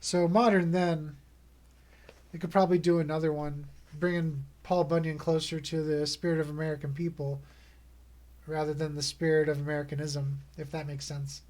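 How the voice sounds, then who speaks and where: A man with a slightly high voice reads poems aloud on a livestream. His manner is playful and relaxed, with light chuckles and offhand commentary between the readings. It sounds like a casual home streaming setup. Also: moderate pace.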